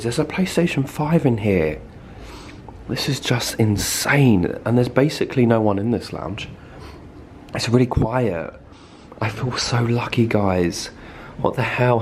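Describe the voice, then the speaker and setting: A man's voice: mid-range voice, measured pace, darkish tone, a little hiss or hum. Chatty man, roomy airport lounge. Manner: chatty, acts out his own and others' lines in quotes. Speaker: vlogger. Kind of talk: casual storytelling to camera. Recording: roomy echo.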